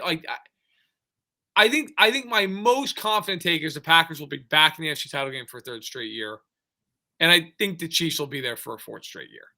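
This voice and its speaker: A man co-hosting a sports podcast, talking casually and ranting excitedly with frequent restarts. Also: a little high. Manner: excitable, animated rants with lots of restarts. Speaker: podcast co-host.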